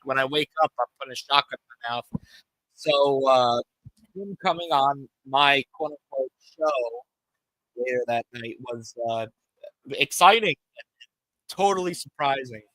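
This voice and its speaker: A man's voice: on the high side, pushed and bright, no room sound, poor audio. A man on a live stream, ranting in a rambling, profane, emphatic way to his chat. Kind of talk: casual live-stream rant.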